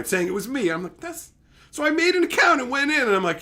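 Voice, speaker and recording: A man's voice: high-pitched, sing-song, fast, sharp tone. A man from Canada hosting a live stream, telling stories in casual, profane chat and laughing often.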